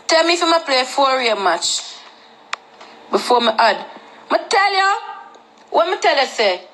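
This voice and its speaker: A woman's voice: high voice, very animated, moderate pace, a bit bright, slight background noise. A woman with a Jamaican accent chatting casually on a livestream, rambling and repeating herself, mixing Patois into her talk.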